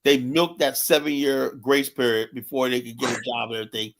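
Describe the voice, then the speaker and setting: A man's voice: mid-range voice, little pitch movement, a little fast, fairly bright tone. A man arguing in a heated panel debate, talking over others and repeating "hold on" to keep the floor. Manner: argumentative, keeps saying hold on. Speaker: panelist, insurance agent.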